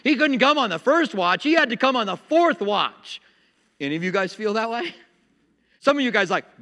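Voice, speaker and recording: Animated high-voiced man preaching in a hall. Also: brisk. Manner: animated, acts out voices and laughs at his own jokes. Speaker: pastor. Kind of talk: sermon.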